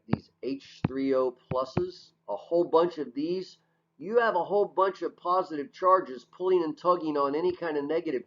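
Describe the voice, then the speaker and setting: A male teacher giving a recorded lecture over slides, talking in a conversational way, asking questions and answering them himself, often tagging "right?". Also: on the high side. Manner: conversational, asks and answers his own questions, frequent "right?". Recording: dull lo-fi audio.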